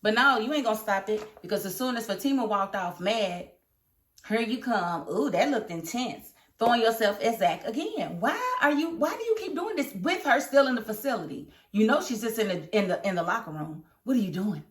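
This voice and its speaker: Animated woman reviewing a TV episode. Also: a little high, normal speed, roomy sound. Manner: animated, emphatic, scolding the characters. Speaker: TV show reviewer. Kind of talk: casual commentary review.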